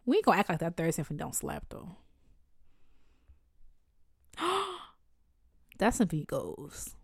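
A woman's voice: fairly low pitch, wildly swooping pitch, a little slow, vocal fry, slightly rough, no echo, clean studio sound. A woman co-hosting a podcast in casual, slangy chat, laughing often. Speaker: podcast co-host.

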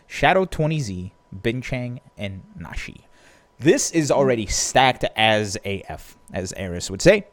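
A man co-hosting a casual talk show, excitable and quick to break off and restart. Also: medium pitch, no echo. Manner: excitable, animated, self-interrupting. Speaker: co-host. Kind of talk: casual news chat.

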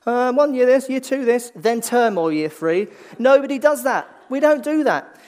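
A man with a very high voice preaches a conversational sermon, shifting from lively emphasis to hushed, slow lines. He often restarts phrases as he thinks aloud.

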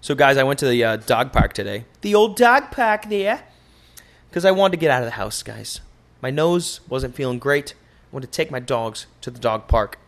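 A young man hosting a casual solo podcast, joking and cursing through loose, animated stories. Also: mid-range voice, a little fast, creaky. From United States. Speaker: podcast host.

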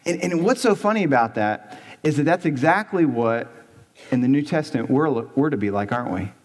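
A man's voice: on the high side, very animated, a little fast. A man preaching an emphatic sermon as a pastor in a church, stressing points by repeating them and asking rhetorical questions. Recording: long reverb in a church hall.

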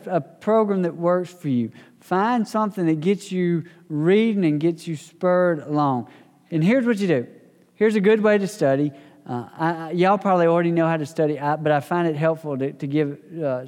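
Male pastor, slightly high voice, chatty Bible-study teaching, restarts a lot, long hall reverb. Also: darkish tone. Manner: conversational, repeats and restarts phrases. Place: church hall.

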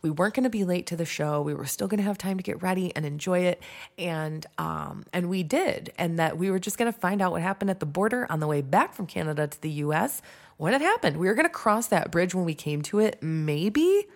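Low-voiced young woman telling a story. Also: animated, brisk, gravelly. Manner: chatty, swears freely, lots of fillers and restarts. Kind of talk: casual storytime monologue.

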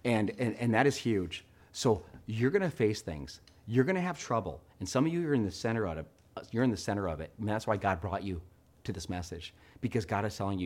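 Man, middle-aged, pastor preaching, animated storyteller, hushed to loud. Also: on the low side, brisk. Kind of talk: sermon.

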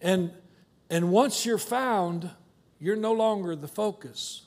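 A man's voice: sits high, slow pace, darkish tone. A male pastor preaching a sermon in a church, acting out voices of complainers and children. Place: church sanctuary.

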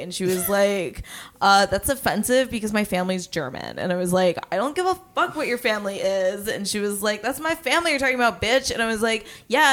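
A woman's voice: medium pitch, close to an everyday voice. A woman improvising a brash, shameless young caller on a comedy call-in show, rambling and swearing with many fillers. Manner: crude, rambling with frequent "like". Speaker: prank caller.

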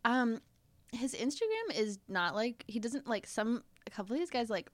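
A woman's voice: fairly high pitch, sing-song, moderate pace, no echo. A woman in her thirties, a little congested, telling a story in casual chat with lots of fillers and laughter. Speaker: podcast guest.

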